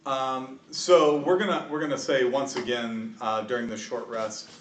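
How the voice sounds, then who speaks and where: A man running a live tabletop game as game master, relaxed and chatty with many fillers. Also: medium pitch, moderate pace. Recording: echoey room from far off, faint noise.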